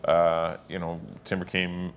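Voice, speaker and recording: A man giving his horse racing picks in a relaxed, halting way, with plenty of filler words. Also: sits low, a little hiss or hum. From Canada. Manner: relaxed, hesitant with many uhs. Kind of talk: casual racing picks chat.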